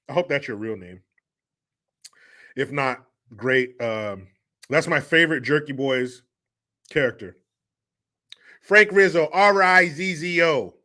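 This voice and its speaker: A man's voice: a little high, lively intonation, takes it slowly, sharp tone. A man hosting a casual, profane chat show in a rambling style, often breaking into laughter. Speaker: host.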